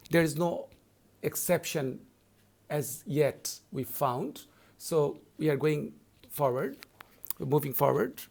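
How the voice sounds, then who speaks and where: Gravelly-voiced male lecturer. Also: a little high. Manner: deliberate, repetitive explaining, slows down to read verse lines. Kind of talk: recorded lecture.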